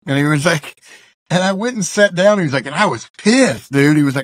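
A man's voice: a little high, lively intonation, fairly quick, a bit bright, no room sound. A man from Arkansas, a musician and youth speaker, telling a story in a casual interview. He is loose and chatty and acts out the dialogue he quotes.

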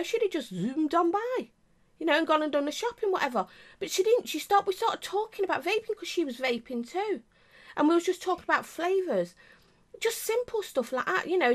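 A woman's voice: high-pitched, a bit bright. A middle-aged woman with an English accent, chatting casually to camera as a vape reviewer, rambling with many asides.

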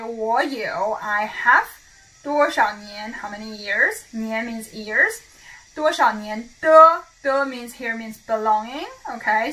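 Woman, language lesson, clear repetitions, bright tone, a little high. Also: rough recording. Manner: clear, slow repetitions of model phrases. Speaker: Chinese language teacher.

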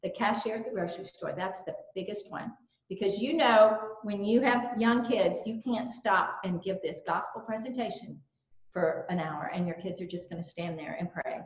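A middle-aged woman with a Southern US accent, telling stories in a lively way at a church training. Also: medium pitch, normal speed. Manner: lively storyteller, animated quotes and laughs. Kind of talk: church talk with personal stories. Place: church hall. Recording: roomy, dull-sounding church recording.

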